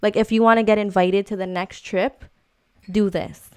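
A woman's voice: mid-range voice, fairly even intonation, moderate pace, smooth, no room sound. A woman who is a guest on a podcast, giggly and laid-back in casual chat.

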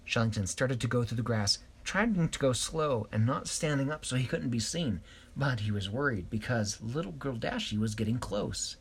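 A man telling an improvised story, hesitant, pausing and correcting himself. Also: mid-range voice, animated, breathy edge.

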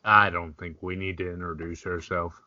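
A man's voice: low voice, steady tone, moderate pace, sharp tone, dry recording. A man co-hosting a podcast in laid-back, profane casual chat, laughing often. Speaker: podcast co-host. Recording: dull lo-fi sound.

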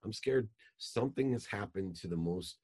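A man's voice: fairly low pitch, normal speed, a little mellow, breathy edge. A man in his forties, a life coach telling a motivational story in an intense, emphatic way.

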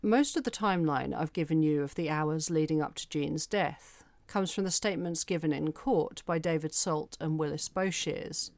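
A woman hosting a podcast, reading a scripted true-crime story in a measured, even way with careful detail. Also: sits low, no room sound. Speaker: podcast host.

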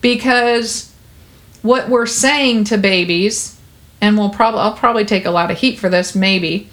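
A woman's voice: mid-range voice, a little slow, a bit bright. A woman talking earnestly and reassuringly in an interview about caring for babies, with plenty of fillers. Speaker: parenting guest. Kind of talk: conversational interview.

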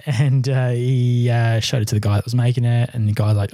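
Australian guy, young, podcast co-host, yarn-spinner who plays out every line of dialogue, mid-pitched voice, dead-dry booth sound. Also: a little fast, creaky, few pauses, dry recording. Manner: animated storyteller, acts out quotes, laughs. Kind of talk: casual storytelling chat.

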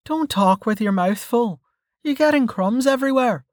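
A man's voice: very high-pitched, animated, moderate pace, no room sound, voice pushed up. A man voicing a blunt, dry young woman fighter. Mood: dry teasing. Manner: dry, matter-of-fact and teasing.

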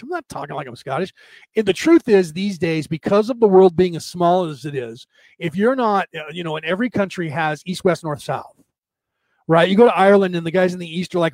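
American guy hosting a stream, rattles on fast with lots of "right?", voice a touch high, dry close mic. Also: darkish tone, no room sound. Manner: fast, rambling, full of "right?" and mock voices. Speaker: host of a live-streamed show. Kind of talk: casual rambling monologue. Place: home setup, camera off.

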